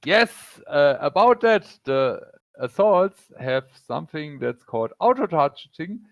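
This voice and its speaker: A man with a German accent runs a tabletop game, halting and filling pauses with "uh". His voice is fairly high and swings widely in pitch. The recording is dry and close. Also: very animated, creaky, dry recording, lo-fi sound. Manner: halting, many fillers, laughs often. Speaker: game master. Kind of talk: running a tabletop game over voice chat.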